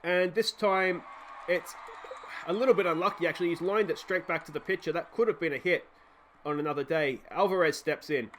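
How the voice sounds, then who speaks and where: Australian man, let's play host, high voice, fan-style baseball play-by-play, excited commentary. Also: brisk, slight background noise. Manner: fan-style play-by-play, shouting on big hits.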